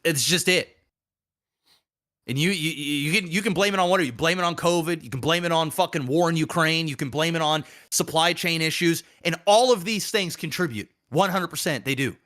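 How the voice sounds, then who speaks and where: Dude ranting hard, cussing constantly, high bright voice. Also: male voice, brisk. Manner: profane, heated, repetitive. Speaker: podcast co-host. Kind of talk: ranting casual chat.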